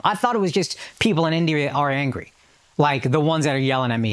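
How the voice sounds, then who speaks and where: Guy ranting and swearing on a podcast, voice a bit high. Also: animated, quick pace. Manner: profane, emphatic storytelling. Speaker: podcast regular. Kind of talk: casual chat.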